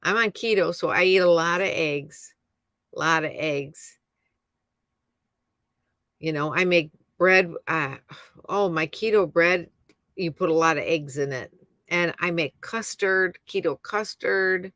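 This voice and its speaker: Woman, middle-aged, chatty livestream host, bright forceful voice, dry close sound. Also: on the low side, unhurried, pauses often, dry recording. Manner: chatty, rambling, reads out viewer names. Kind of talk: casual live chat with viewers.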